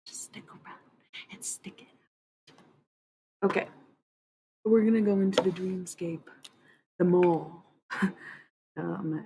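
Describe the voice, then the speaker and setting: Young woman streamer, low voice, drifting casual talk, faint hiss behind. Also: dark tone, low-quality recording. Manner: dreamy, meandering, laughs often. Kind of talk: casual livestream chat about channeling.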